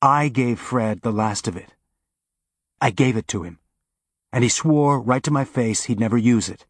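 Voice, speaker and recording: A man's voice: medium pitch, normal speed, no room sound, natural voice. An intense, driven spaceship captain, voiced by a male audiobook reader close to his own voice, urgent and heated in his talk. The sound is close and dry.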